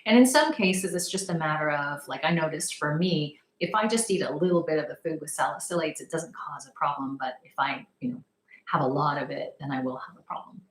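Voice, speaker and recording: A woman's voice: low voice, fairly quick. Chatty woman in an echoey room. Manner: chatty, rambling, laughs often, animated retellings. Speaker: vlogger sharing personal experience. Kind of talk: casual personal storytelling.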